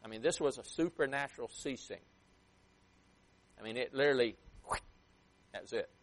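A man preaching a sermon with emphatic swings in loudness and pace, sometimes acting out a parent scolding a child. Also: medium pitch, moderate pace. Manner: emphatic, rising and dropping sharply for effect.

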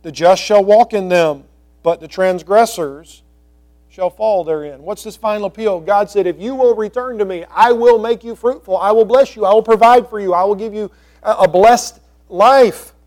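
High-voiced pastor teaching verse by verse. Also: male voice, darkish tone. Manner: reads scripture slowly, explains in quick conversational asides.

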